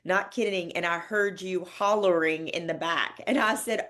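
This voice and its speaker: This podcast host speaks in a lowish, fairly bright female voice at a moderate pace, with few pauses. She tells a personal story in a heartfelt, emotional monologue, laughing and getting teary as she goes.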